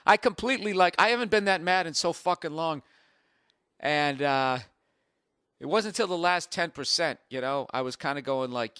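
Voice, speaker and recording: A man's voice: mid-range voice, normal speed, clean tone, no room sound, studio quality. A man in his forties telling a comic story on his podcast, cursing freely and acting out both sides of an argument. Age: 40s. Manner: profane, animated rant with acted-out quotes. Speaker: podcast host. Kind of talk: casual comedic storytelling.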